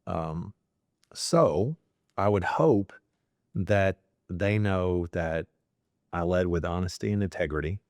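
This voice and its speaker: A man's voice: low voice, slow, pauses often, a little mellow, dry recording. A middle-aged man, a company CEO, talking in a sit-down interview, rambling with fillers and growing emotional about his family.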